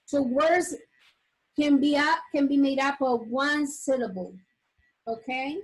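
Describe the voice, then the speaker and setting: A female English teacher gives a classroom pronunciation lesson, modeling example words slowly and drawing them out. She keeps checking in with the class by asking "okay?" Her voice sits high, and the recording is low quality.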